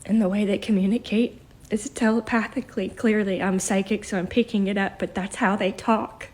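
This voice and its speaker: A shaken, emotional woman speaking haltingly as a psychic, often dropping into a whisper. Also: mid-range voice, fairly even intonation, darkish tone. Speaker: self-described psychic vlogger. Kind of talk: emotional spoken channeling.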